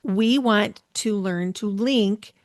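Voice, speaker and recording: A woman's voice: medium pitch, slow, no room sound. Middle-aged woman host, solo podcast, chatty and self-deprecating, dry close recording.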